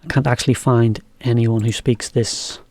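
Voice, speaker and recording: A man teaching English in a relaxed, chatty video lesson, explaining as he goes. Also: mid-range voice, moderate pace, no room sound.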